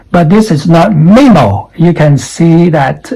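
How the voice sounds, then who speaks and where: A male English teacher walks through pronunciation one word at a time, repeating each sound and putting questions to the viewer. His delivery is unhurried and his voice has a husky, mellow grain. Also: a little high, lively intonation, low-quality recording. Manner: drills words slowly, repeats sounds, asks the viewer questions. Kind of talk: pronunciation lesson.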